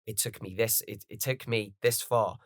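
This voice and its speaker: A man voicing a proud, gruff male anime warrior in a clipped, grudging growl. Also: lowish voice, fairly even intonation, moderate pace, dry recording, studio quality, close to an everyday voice.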